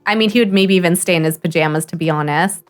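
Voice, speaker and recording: Excitable woman gushing over a game. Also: lowish voice, quick pace. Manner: excitable and gushing, gasps and laughs often. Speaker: streamer. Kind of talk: casual live gameplay commentary.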